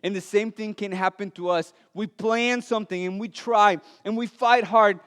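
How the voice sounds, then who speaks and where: A male pastor with a non-native, Latin American accent, preaching a sermon with earnest storytelling and light self-deprecating humor, his voice dropping soft and low on weighty lines. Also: fairly even intonation, moderate pace, smooth. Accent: non-native English, Latin American. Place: church sanctuary. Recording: long church hall reverb.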